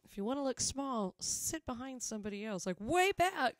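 A woman with a Southern US accent hosts a live music stream, chatting casually, teasing, and laughing often. Her high-pitched voice has lively intonation at a normal pace, recorded at studio quality with no room sound.

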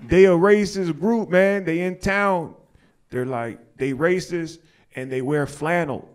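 A young American man on stage doing stand-up crowd work in a slightly high voice. He talks in loose, slangy bursts and breaks into laughter at his own lines, with the audience laughing around him. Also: unhurried. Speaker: stand-up comedian and host. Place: small outdoor alley show with an audience. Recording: live show, crowd laughter behind.

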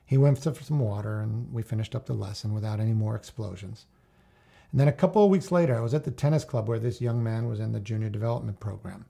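A man narrates a story calmly and without hurry. His voice is low and mellow, with a gravelly, husky grain. He speaks as a coach telling a lesson from his teaching. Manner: calm, measured, unhurried storyteller. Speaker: tennis coach.

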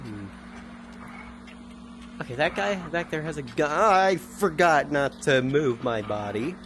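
Lively, slow-talking VR gameplay commentator. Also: mid-range voice, background noise. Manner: chatty, taunts enemies playfully. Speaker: gaming video host.

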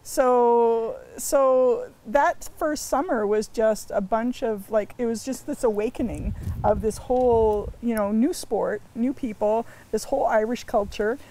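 A woman from Canada chats through an interview as a lively storyteller, jumping into quoted voices. Her voice sits a bit higher than most. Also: unhurried, hardly any pauses, low-quality recording. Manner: chatty, animated storyteller. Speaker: ladies team player.

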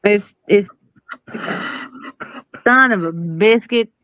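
A woman's voice: medium pitch, extremely slow, bright, forceful tone, dry recording, highs cut off. A woman from Arkansas with a Southern accent carrying a Louisiana flavor, a caller on a live show, bantering in a brash, salty, playful way. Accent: Southern US, Arkansas with Louisiana influence. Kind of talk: casual chat.

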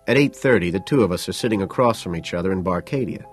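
A man narrating an audiobook in the first person, his voice sitting fairly low. He reads with cool, flat detachment, as if listing facts. Quiet music plays faintly behind him. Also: fast talker, hardly any pauses.

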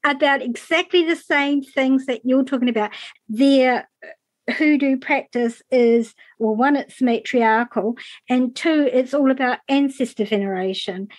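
A woman's voice: high-pitched, a little slow, rough recording. A woman hosting a podcast interview, telling a chatty anecdote and backing her guest with short affirmations. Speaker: podcast host.

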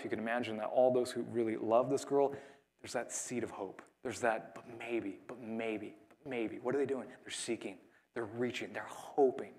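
A man pastor, preaching a sermon in a conversational way and dropping to a hush for quoted words. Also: medium pitch. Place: church.

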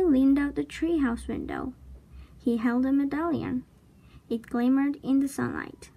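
A woman slowly reading a children's chapter book aloud, with deliberate storybook narration. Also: sits high, fairly even intonation, vocal fry, warm tone. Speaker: reader.

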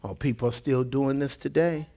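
This pastor speaks at medium pitch and normal speed, preaching a sermon with plenty of energy. Hushed moments underline his points, and his stories come with laughing asides.

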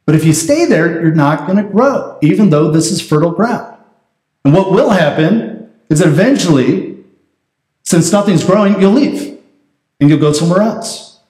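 A man's voice: high-pitched, lively intonation, moderate pace, darkish tone. A man preaching a conversational sermon as pastor, often checking in with the congregation. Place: church sanctuary. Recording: roomy church sanctuary.

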